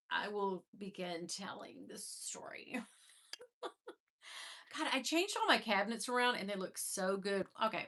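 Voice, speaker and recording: A chatty woman in her fifties talks casually on a live stream, greeting viewers one by one. Her voice sits a little high and sounds bright and forward. She laughs easily between remarks.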